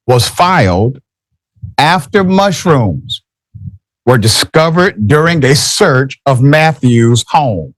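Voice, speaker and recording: A man's voice: mid-range voice, no room sound. Dry-toned radio host man, emphatic. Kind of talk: radio talk commentary. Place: radio studio. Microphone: studio microphone.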